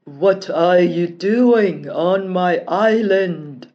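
A woman voicing a fierce male island monster in a storybook, loud, slow and threatening. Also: lowish voice, dull audio. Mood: menacing.

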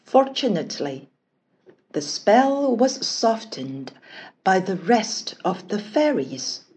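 In a slow, deliberate bedtime-story style, a woman reads a fairy tale aloud, lingering over every phrase. Her pitch roams expressively through each sentence, making her very animated yet a little mellow.

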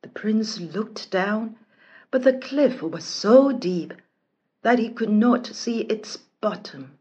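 A woman narrating a children's storybook in a slow, expressive, careful reading voice. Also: mid-range voice, breathy edge, highs cut off.

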